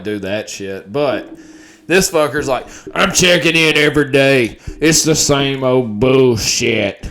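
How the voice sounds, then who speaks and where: Man, podcast co-host, mid-pitched voice, laid-back, casual chat.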